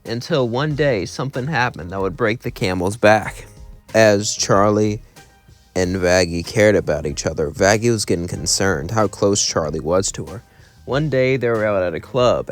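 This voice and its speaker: A man's voice: fairly low pitch, normal speed, soft background music. A man casually narrating a fan story in a loose, rambling way.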